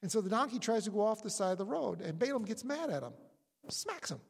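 A preacher gives a fast, lively storytelling sermon, pitch leaping around while acting out characters and their quotes. The voice is breathy and husky, captured with long reverb as if in a large church hall.

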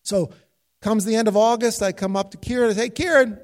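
A man's voice: sits high, flat delivery, quick pace, dark tone. A man, a pastor, preaching a sermon, telling stories and asking the congregation questions. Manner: storytelling with rhetorical questions.

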